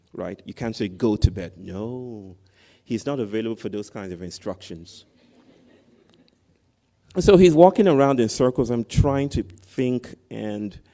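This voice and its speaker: A man's voice: mid-range voice, warm tone. A man giving a commencement speech, telling a story animatedly and often tagging his sentences with "right?". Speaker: commencement speaker. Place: large tent outdoors at a ceremony.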